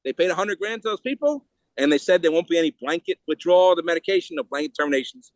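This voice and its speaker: A man speaking as a podcast guest in a heated, rapid way, often restarting and repeating words. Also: a little high, animated, dry recording. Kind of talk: casual interview talk.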